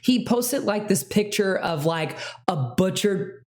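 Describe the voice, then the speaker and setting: A woman's voice: mid-range voice, expressive, takes it slowly, a little mellow. A woman co-hosting a podcast, chatting casually with lots of "like" and fillers. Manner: rambling, heavy on "like", dramatic readings of messages. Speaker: podcast co-host. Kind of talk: casual chat.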